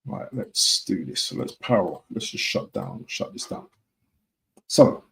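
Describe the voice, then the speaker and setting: A man's voice: fairly low pitch, gravelly, darkish tone, poor audio. A man from talking casually to his viewers on a live stream, repeating himself and often asking "yeah?". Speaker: football fan streamer.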